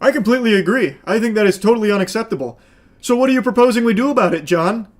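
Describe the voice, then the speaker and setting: A man's voice: high-pitched, fast. A man streaming casual reaction commentary, sarcastic and exasperated, swearing often as he picks apart a clip.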